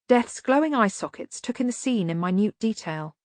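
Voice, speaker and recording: A woman reading an audiobook in measured, even narration. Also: medium pitch, dry recording.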